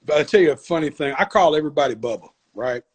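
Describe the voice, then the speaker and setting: Southern man, husky voice, easygoing interview guest, pitch a bit high. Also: animated, fast talker. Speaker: guest rapper. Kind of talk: casual interview chat.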